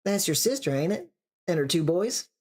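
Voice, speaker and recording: A reader voicing a calm, motherly older woman who speaks gently and coaxingly. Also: mid-range voice, normal speed, breathy edge, voice pushed up. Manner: gentle, coaxing, calls people darling.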